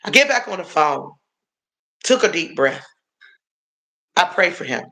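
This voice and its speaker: A middle-aged woman from Washington, D.C., gives an emotional personal testimony on a livestream. She speaks slowly, and her voice has a bright, forceful edge. She talks to her viewers directly, earnest and confiding. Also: on the low side, very animated, gravelly. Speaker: livestream host sharing her story.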